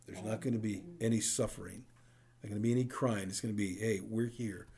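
A man preaching a sermon as pastor, in a conversational way, often checking in with the congregation with a quick "right?". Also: lowish voice, steady tone, vocal fry, warm tone, husky.

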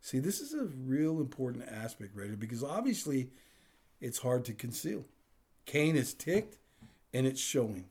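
A male pastor delivers a chatty, storytelling sermon, slipping into acted-out exchanges and chuckling as he goes. His voice is a little husky. His pitch moves a lot, swinging up and down through every phrase. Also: moderate pace. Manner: animated storytelling with acted-out dialogue and laughter. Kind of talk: conversational sermon.

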